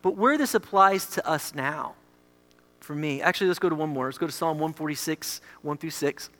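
A man preaching a sermon as pastor, emphatic, moving between loud declarations and quiet asides. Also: fairly high pitch, normal speed, big-room sound.

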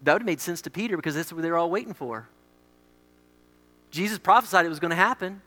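A man preaching a sermon as pastor, emphatic, moving between loud declarations and quiet asides. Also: fairly high pitch, quick pace, big-room sound.

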